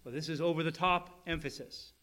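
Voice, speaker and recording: A male pastor preaches a sermon in a slightly high, somewhat bright voice with fairly even intonation and a fairly quick pace. He teaches step by step, restarts often, and checks in with listeners by asking "right?"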